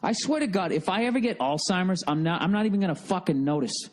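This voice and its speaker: A man's voice: sits high, big pitch swings, quick pace, hardly any pauses. A middle-aged man with a Boston accent hosting a solo podcast, rambling in a profane, self-mocking and distracted way. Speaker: podcast host.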